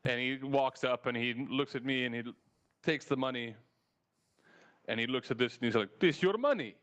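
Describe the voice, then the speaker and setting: A man spins a rambling anecdote on his podcast, swearing freely and laughing along. His voice sits at an ordinary middle pitch. He talks in a loose, casual way. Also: moderate pace, clean tone. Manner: animated, profane anecdote with laughter. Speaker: podcast host. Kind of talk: casual storytelling.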